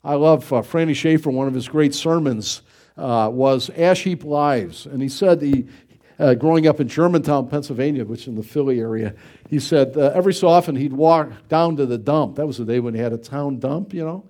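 A man's voice: medium pitch, brisk, dark tone. A middle-aged man from the United States, preaching in a folksy, conversational way with many rhetorical questions. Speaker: pastor. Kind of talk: sermon.

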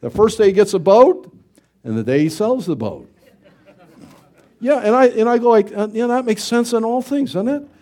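Man, middle-aged preacher, folksy conversational sermon, rhetorical questions, lively pitch, mellow tone. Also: moderate pace, pauses often. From United States. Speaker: pastor.

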